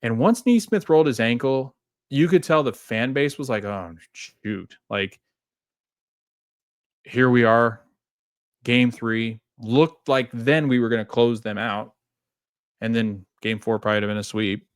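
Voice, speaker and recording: A man's voice: medium pitch, a little slow, long pauses, clear, resonant tone, no echo, clean studio sound. A man hosting a sports fan show, talking casually and rambling through a game recap with many restarts. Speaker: podcast host.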